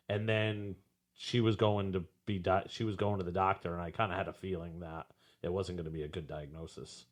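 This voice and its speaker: A man in candid podcast conversation, talking haltingly with many restarts. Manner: halting, starts over, lively pitch.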